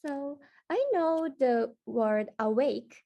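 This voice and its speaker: Polite woman, mellow higher voice. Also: takes it slowly, gravelly. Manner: polite, inquisitive, reads definitions carefully. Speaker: co-host student asking questions. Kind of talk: classroom vocabulary lesson.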